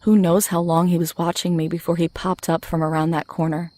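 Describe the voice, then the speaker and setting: A woman narrating a true horror story in a steady, scripted storytelling voice. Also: on the low side, fairly quick, no echo.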